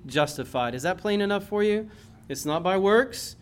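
A man preaching a sermon in a church, impassioned, swinging from loud emphasis to low earnest tones. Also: lively intonation, moderate pace, clear, resonant tone. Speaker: pastor.

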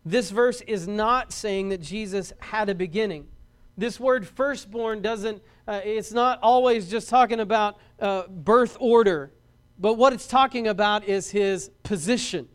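A man preaching a sermon and telling a story, swinging from loud, rising passages to quiet ones, often repeating words and restarting. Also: high-pitched, unhurried, smooth.

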